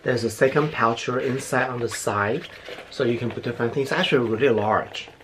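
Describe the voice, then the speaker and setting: Unboxing gifts in a casual chat, this middle-aged beauty vlogger gushes and keeps repeating himself, sounding a little breathless. He speaks at medium pitch, a little fast, with a somewhat bright quality, and a faint hiss or hum sits under the recording.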